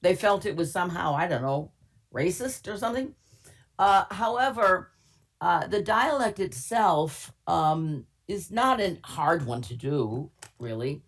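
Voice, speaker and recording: An older woman from Minnesota, a casting director, tells her stories in a rather low voice. She talks in a chatty, candid way, with wry humor and plenty of fillers, over a video call. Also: expressive, measured pace. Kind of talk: webinar interview, anecdotal storytelling.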